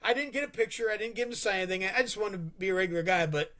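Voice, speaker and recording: A man's voice: high voice, racing, fairly bright tone. A man co-hosting a sports podcast, telling a long, rambling story in a casual way, full of restarts and stammers. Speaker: podcast co-host.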